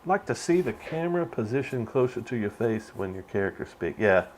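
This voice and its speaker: A man's voice: medium pitch, big pitch swings, fairly quick, a little mellow, slight background noise. Laid-back male host, rambling commentary with frequent laughs and some cursing. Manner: rambling, laughs often, swears. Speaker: channel host. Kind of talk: casual movie commentary.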